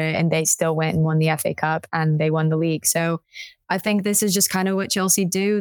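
A woman panelist on a football podcast, talking in a relaxed, conversational way with informal fillers. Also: low voice, no room sound. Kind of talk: casual chat.

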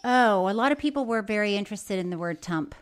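A woman's voice: medium pitch, lively intonation, quick pace, over loud music. A woman co-hosting a casual podcast, playfully reading listener letters aloud. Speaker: podcast co-host.

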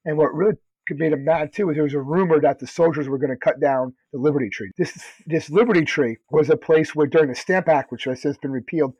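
A man's voice: a little high, quick pace, hardly any pauses, a little mellow, no room sound. A man co-hosting a podcast in casual chat, loose and rambling with lots of "like". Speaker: podcast co-host. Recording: dull lo-fi recording.

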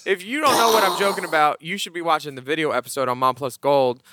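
A man's voice: fairly high pitch, quick pace, background noise. A man co-hosting a podcast in casual chat, firing off sassy, bawdy quips. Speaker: podcast co-host.

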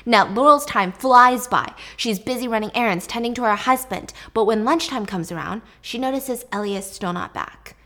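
A woman narrates a true story in a loose, conversational way, swearing casually and turning to the listener now and then. Her voice is a little high and quite bright. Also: normal speed, hardly any pauses.

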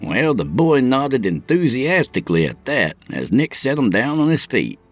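A man's voice: medium pitch, very animated, normal speed, faint music behind. A man narrating a gritty first-person story, his storytelling vivid. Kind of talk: audiobook narration.

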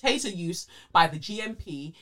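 Bright-voiced woman podcast host. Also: fairly low pitch, moderate pace. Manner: animated, swears freely, frequent um fillers. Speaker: podcast co-host reading listener letters. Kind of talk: casual podcast chat and letter reading.

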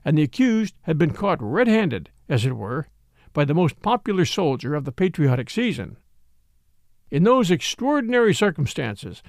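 Expressive man narrating a mystery story. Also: fairly high pitch, vocal fry, dry recording, clean studio sound.

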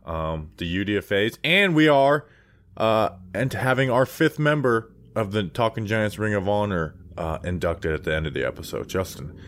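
A man's voice: lowish voice, lively intonation, moderate pace, fairly bright tone. A man co-hosting a casual sports podcast, joking and riffing while he reads through a list of names. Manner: jokey, riffs on names while reading a list. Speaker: podcast co-host.

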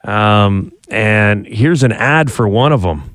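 A man's voice: fairly low pitch, slow, fairly bright tone, dry recording, soft background music. A man co-hosting a morning radio show, chatty and jokey, laughing often, on a studio microphone. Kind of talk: casual morning radio banter.

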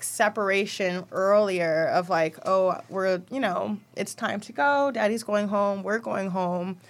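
A young woman co-hosting a podcast, talking candidly and emotionally about her children in casual chat, rambling a little as she goes. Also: mid-range voice. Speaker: podcast co-host.

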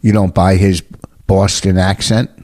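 A man who is a stand-up comedian and podcast host, talking in a rambling, low-key way. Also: little pitch movement, a little slow, a little mellow. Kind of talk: casual chat.

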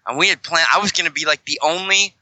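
Male podcast guest, loose and digressive, constantly correcting himself, bright tone. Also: a little high, fast, dry recording, poor audio. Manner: rambling, joking, many self-corrections. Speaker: guest, fellow fringe Christian show host. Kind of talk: casual podcast chat.

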